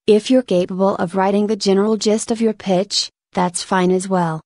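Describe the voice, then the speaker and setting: A woman voicing a calm, wry female mentor in a spoken story reading. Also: medium pitch, moderate pace, no room sound, close to an everyday voice. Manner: calm, dry.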